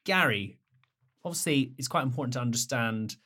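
A man's voice: medium pitch, lively intonation, normal speed, sharp tone, breathy edge. A man hosting a casual podcast chat, teasing and laughing often. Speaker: podcast host.

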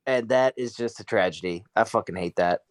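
A man co-hosting a podcast in casual chat, relaxed and swearing casually, laughing often. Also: on the low side, a little fast, no echo. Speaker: podcast co-host.

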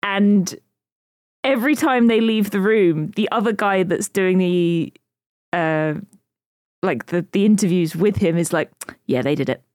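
A woman co-hosts a podcast in relaxed, rambling chat. She giggles often and leans on fillers as she talks. Her voice sits mid-height, and the sound is dry and close. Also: medium pitch, measured pace, no room sound. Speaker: podcast co-host. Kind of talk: casual chat.

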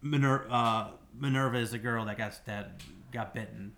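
A man's voice: medium pitch, normal speed, creaky, a bit bright. Brief: podcast co-host, man, mid-range voice, rambling casual game recap. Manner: rambling, restarts and many "like"s.

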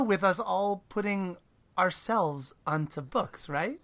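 An interview host with a gravelly, creaky voice who talks slowly and thoughtfully, circling back and restarting phrases. Chatty and appreciative. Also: medium pitch. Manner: warm praise, halting restarts. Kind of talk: conversational book interview.

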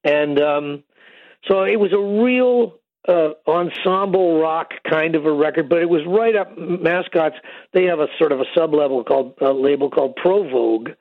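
A man's voice: a little high, normal speed, no echo. An older man, a guest musician, telling long rambling stories with many fillers in a casual phone interview. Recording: tinny phone line.

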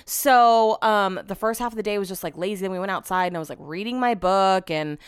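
A woman's voice: medium pitch, quick pace, clean tone, dry recording, studio quality. A young woman hosting a casual chat show, telling stories animatedly, swearing freely and acting out what others said. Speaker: podcast host.

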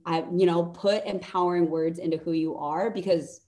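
A woman guesting on a podcast, giving blunt, energetic motivational advice and swearing for emphasis. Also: lowish voice, normal speed. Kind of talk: casual motivational chat.

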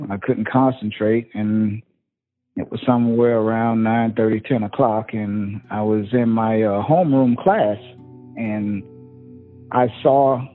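Halting man on a tinny phone-like line. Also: medium pitch. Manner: halting, with many fillers. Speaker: victim's brother. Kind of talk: recounting memories in an interview. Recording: tinny phone-like audio with faint music.

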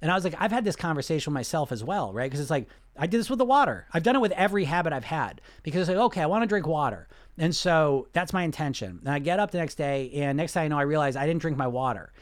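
A man's voice: on the high side, lively intonation, quick pace, few pauses. A man talking as a weight loss coach in a casual way, blunt and full of rhetorical questions, often laughing. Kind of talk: casual coaching talk to viewers.

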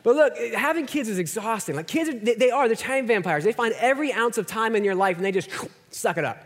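A man's voice: high-pitched, expressive, fast, fairly bright tone. A man in his thirties preaching a conversational, self-deprecating sermon, often dropping to a near-whisper for emphasis. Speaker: pastor. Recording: long hall reverb.

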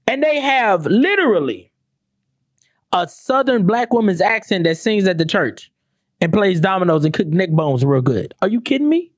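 A woman's voice: expressive, unhurried, no room sound, studio quality. A woman hosting her own podcast, ranting bluntly and sarcastically with lots of swearing and rhetorical questions. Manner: swings between high exclamations and low, dropped asides. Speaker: podcast host. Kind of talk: profane ranting podcast monologue.

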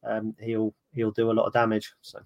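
Chatty male podcast guest, flat voice. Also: lowish voice, moderate pace, vocal fry, muffled recording. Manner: chatty, many restarts, laughs easily. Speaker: podcast guest, fan of the opposing club. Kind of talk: casual podcast chat.

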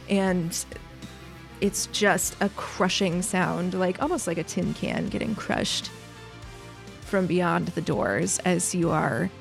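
A woman's voice: lowish voice, creaky. A woman running a tabletop role-playing game as game master, narrating scenes and rulings and laughing often.

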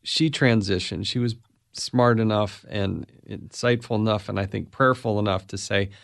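A man hosting a podcast, reflective and halting as he shares a family story. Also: on the low side, steady tone, creaky. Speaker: host.

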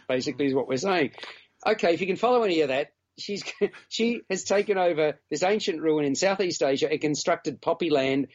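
A man in casual podcast chat, rambling and teasing as he talks a film through. His voice sits a little high and sounds dull and lo-fi. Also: a little mellow. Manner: chatty, teasing, talks in long run-on stretches. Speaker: film reviewer co-host.

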